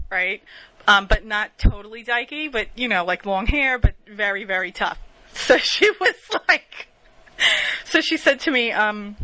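A woman's voice: fairly high pitch, pushed and bright, poor audio. A woman telling rambling stories in a casual monologue, laughing at herself and swearing freely.

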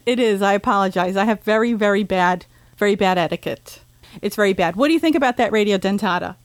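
Speaking briskly in a mid-range voice, a woman hosting a podcast rants with agitation, sarcasm and profanity, then chats with a caller. There's no echo on the recording.

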